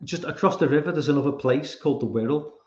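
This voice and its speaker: An Englishman with a slightly high voice talks fast as a podcast guest, chatting casually and rambling, often repeating words as he thinks. The recording sounds roomy, dull and lo-fi.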